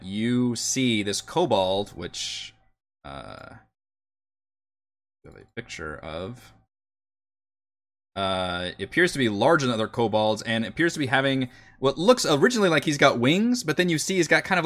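A man narrating a tabletop game as game master, slow and full of fillers. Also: mid-range voice, fairly bright tone.

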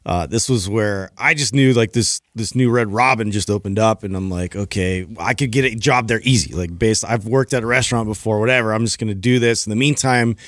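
A man co-hosting a podcast, telling a story in a relaxed, rambling way. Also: fairly low pitch, a little fast, hardly any pauses, no room sound, clean studio sound. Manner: laid-back, rambling with fillers. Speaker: podcast co-host. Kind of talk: casual storytelling chat.

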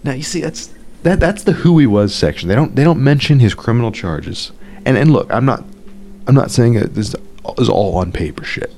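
A man's voice: deep voice, a little mellow, slight background noise. A man hosting a podcast, giving blunt, profane, sarcastic commentary on an article he reads aloud, stumbling over restarts when worked up. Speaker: podcast host.

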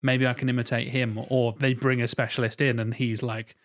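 A man's voice: medium pitch, brisk. A man co-hosting a podcast in casual chat, often acting out voices as he talks. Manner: animated, acts out voices in quotes. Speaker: podcast co-host.

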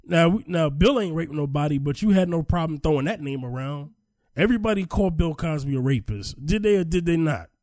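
Podcast co-host, man, slightly high voice, emphatic storyteller, dry mic. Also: expressive, brisk, darkish tone, no room sound. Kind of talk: casual chat.

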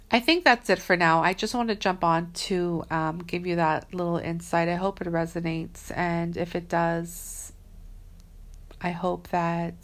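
Slangy, earnest woman with a low voice. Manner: earnest, chatty, slangy, many fillers. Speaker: spiritual reader. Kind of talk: casual spiritual vlog talk.

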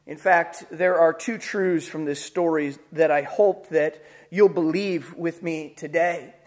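A man preaching a sermon as pastor, telling stories with lively acted-out quotes and frequent repeated words at the start of sentences. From Chicago area. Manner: animated storytelling, acts out quotes with big pitch jumps.

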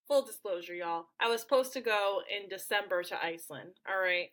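A woman's voice: medium pitch, moderate pace, hardly any pauses, a bit bright, rough recording. A woman co-hosting a podcast, chatting casually and laughing often as she talks. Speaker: podcast co-host.

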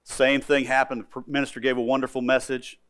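A man's voice: medium pitch, flat delivery, a little fast, fairly bright tone. A male preacher delivers a sermon as a vivid story. He talks with emphasis and often repeats words as he drives his points home.

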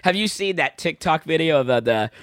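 A man cohosts a relaxed podcast, cracking jokes and swearing without a second thought. His voice is fairly high for a man. The sound is dry and close to the mic. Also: fairly quick, no room sound. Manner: loose, joking, profane. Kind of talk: casual chat.

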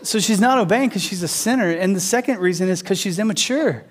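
A man in his thirties preaching a sermon, an animated storyteller who repeats phrases for emphasis. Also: sits high, a little fast. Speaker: pastor teaching a series.

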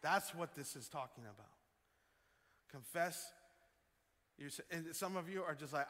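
A man preaching a sermon as pastor, animated, swinging up to loud emphatic peaks. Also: on the high side, measured pace, pauses often. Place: church sanctuary. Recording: long hall reverb with faint music.

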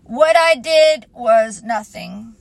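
A woman's voice: fairly high pitch, animated, slow, gravelly, dry recording, full character voice. A woman voicing a gloomy, self-pitying old male donkey who makes a pompous, mournful speech.

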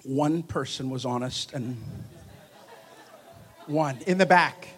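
In a church hall, a man delivers a charismatic sermon to his congregation, animated and cracking jokes. His mid-range voice moves at a slow pace, and his volume swings between soft asides and loud bursts. Some chatter can be heard in the background.

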